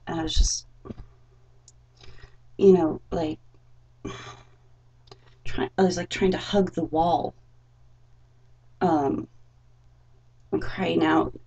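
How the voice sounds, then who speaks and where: A young adult woman telling a personal story in a vlog, halting and rambling with many fillers. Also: on the low side, fairly even intonation, mellow, slightly rough, rough recording. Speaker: vlogger.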